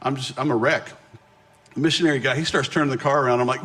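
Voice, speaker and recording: A middle-aged man with a mid-range voice and a breathy edge speaks as a guest in a sermon. He tells a personal story in an animated, self-mocking way, restarting quickly.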